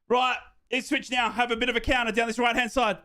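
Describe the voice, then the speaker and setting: A man hosting a live football watchalong, calling the match as a fan, reading out viewers' names and bursting into shouted celebrations. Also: extremely high pitch, flat delivery, brisk, smooth. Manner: reads out viewers' names and answers them.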